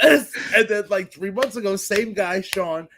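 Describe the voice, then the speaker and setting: A Florida podcast host in his twenties tells a profane anecdote in casual conversation, animatedly acting out the voices of the people involved. His voice is high and unhurried against a noisy background.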